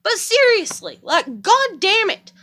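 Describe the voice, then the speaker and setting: A high, bright-voiced woman talking straight to her camera in a heated, confrontational rant. She swears freely and pushes her voice up when she gets going. Her tone is sharp and tense throughout. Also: sing-song, unhurried. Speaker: vlogger.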